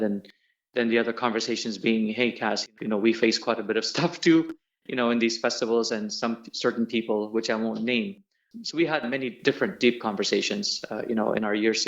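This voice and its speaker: Laughing man telling road stories. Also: fairly low pitch. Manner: laughs often, animated storytelling. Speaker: guest musician. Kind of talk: casual reminiscing interview. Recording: dull lo-fi audio.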